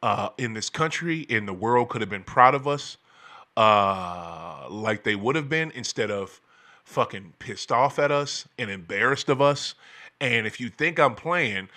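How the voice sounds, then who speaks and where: A fired-up man rants on his own show, cursing freely and tripping over restarts before he breaks into yells. His voice is bright and forceful, sitting at an ordinary middle pitch. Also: expressive, measured pace. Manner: angry, profane, stammering restarts, bursts into shouting. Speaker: podcast host. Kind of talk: heated ranting monologue.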